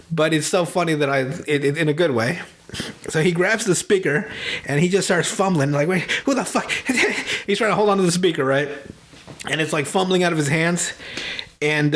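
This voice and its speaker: Podcast host, young man, slightly high voice, loose and giggly, swears freely, acts out scenes. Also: a bit bright. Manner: laughing, profane, retells scenes with quick impressions. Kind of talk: casual movie recap.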